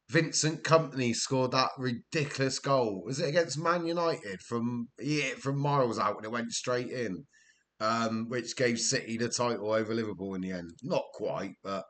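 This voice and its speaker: A man's voice: medium pitch, normal speed, fairly bright tone. A young Welsh man chatting casually on a live stream while playing a football management game, telling stories and laughing often. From Wales. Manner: chatty storyteller, laughs often, answers chat. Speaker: gaming streamer. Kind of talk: casual live-stream chat over gameplay.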